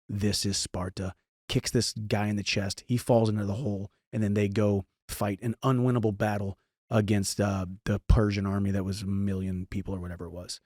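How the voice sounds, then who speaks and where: A man's voice: on the low side, a little mellow, dry recording, clean studio sound. A man in his thirties from St. Louis, hosting a podcast and giving casual, earnest advice with frequent restarts. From St. Louis, Missouri. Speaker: podcast host answering listener questions.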